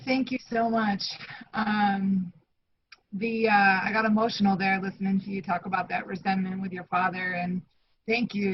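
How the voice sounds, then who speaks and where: A woman chairing a recovery meeting, thanking the speaker in a heartfelt, halting way. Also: mid-range voice, dull audio, slight background noise.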